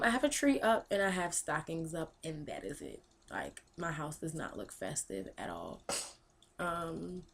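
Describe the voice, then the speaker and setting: A young woman answering viewer questions in a casual, rambling vlog. She thinks out loud and fills her pauses with ums. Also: on the low side. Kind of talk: casual chat.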